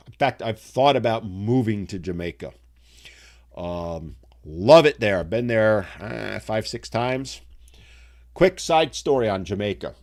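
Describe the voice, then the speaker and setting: Casual low-voiced man rambling on a live stream. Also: expressive, a little slow. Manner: rambling, conversational, with side stories and asides. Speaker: live show host reading viewer chat.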